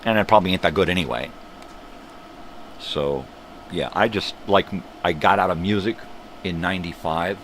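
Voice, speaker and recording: A man's voice: sits low, normal speed, long pauses, fairly bright tone, slight background noise. An older man hosting his own morning show, ranting bluntly and profanely in a casual monologue. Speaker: host of a morning livestream show.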